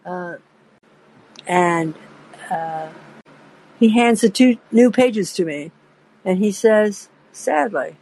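Speaking slowly with frequent pauses, a woman hosts a podcast in a medium-pitched, animated, darkish voice. She narrates a first-person story theatrically, performing quoted voices and speaking playfully straight to the listener, on a low-quality recording.

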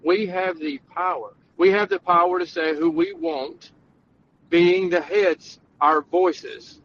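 A man's voice: sits high, expressive, slow, vocal fry, highs cut off, slight background noise. A man running for office, arguing bluntly and emphatically in a call-in podcast debate. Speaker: political candidate.

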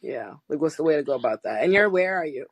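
Lively dry-voiced West Indian woman host. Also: sits low, quick pace, husky, no room sound. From West Indies. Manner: animated, teasing, slangy. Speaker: host and attorney. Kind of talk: live call-in podcast chat.

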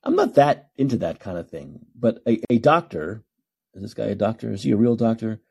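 This podcast host, a middle-aged man on a solo call-in show, delivers a combative, sarcastic rant. He speaks fairly low and fairly quick, very animated, with a darkish, husky tone and vocal fry.

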